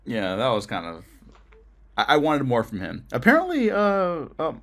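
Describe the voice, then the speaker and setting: A man's voice: medium pitch, wildly swooping pitch, normal speed, fairly bright tone. Earnest, laughing man in casual chat. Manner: earnest, swears, laughs often, recounts his reactions. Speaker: film podcast co-host. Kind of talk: casual film review chat.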